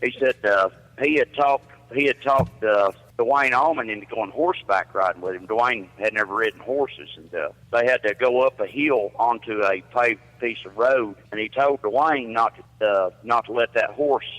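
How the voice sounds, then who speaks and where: A man's voice: mid-range voice, moderate pace, hardly any pauses, fairly bright tone, dull audio. A man, a country singer and truck driver guest, telling folksy stories in a casual chat with many restarts.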